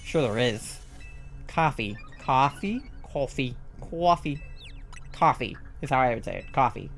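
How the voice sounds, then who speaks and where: With a creaky, medium-pitched voice at a moderate pace, this streamer from the American South chats and games live, mildly accented, cursing freely and laughing a lot. His throat is sore. Music is faintly audible in the background.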